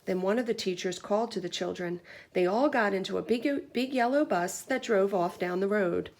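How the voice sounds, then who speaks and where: A young woman teacher reading a picture book aloud to children, gentle and clear as she explains. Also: medium pitch, moderate pace.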